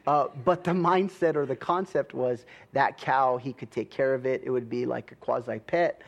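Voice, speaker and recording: A man's voice: medium pitch, fairly even intonation, normal speed, gravelly, highs cut off. A young adult man preaching a sermon in a chatty, easygoing way, laughing often and checking in with "right?".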